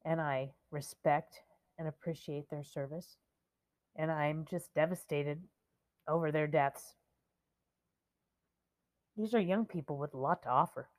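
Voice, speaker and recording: A woman in her fifties hosts a solo podcast, talking slowly and with heavy emotion. Her voice sits a little low, and she lingers over each phrase. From United States. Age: 50s. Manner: emotional, slow and deliberate, reading names. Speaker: podcast host.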